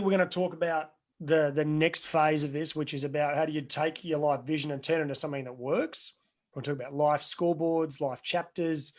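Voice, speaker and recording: Middle-aged male coach, earnest and rambling, voice sits a touch high. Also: a little mellow. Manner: earnest, rambling with restarts and anecdotes. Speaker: life coach. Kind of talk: webinar Q&A answers.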